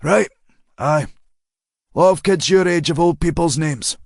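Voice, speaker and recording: A man's voice: on the high side, unhurried, vocal fry, dry recording, clean studio sound, voice pushed up. A man voicing a chatty, pushy middle-aged male driver.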